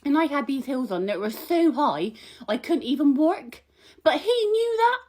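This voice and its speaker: A woman's voice: sits high, sing-song, normal speed, darkish tone. A young woman delivering a comic monologue to camera, chatty, indignant and rambling like she is gossiping. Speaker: comic vlogger.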